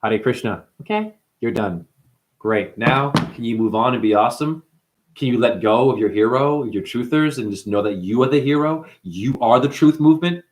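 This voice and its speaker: A man hosting a spiritual livestream, talking to his chat in an animated way, calling listeners honey and chanting mantras. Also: medium pitch, normal speed.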